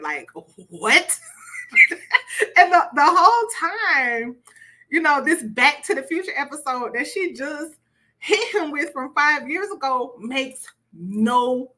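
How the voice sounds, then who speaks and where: Bright, high-voiced woman coaching. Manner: chatty, repeats words for emphasis. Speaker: relationship coach. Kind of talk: conversational online workshop teaching.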